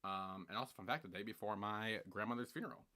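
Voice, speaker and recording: A man in his twenties streaming a reaction, excitable and laughing, swearing often. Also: fairly low pitch, quick pace. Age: 20s. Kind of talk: livestream reaction commentary.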